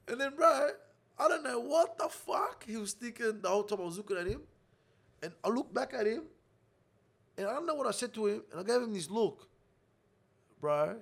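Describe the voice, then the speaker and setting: Young guy, casual storyteller, profane and blunt, gravelly high voice. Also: a bit bright. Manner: profane, blunt, swears constantly; laughs through his own story. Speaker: guest telling a story.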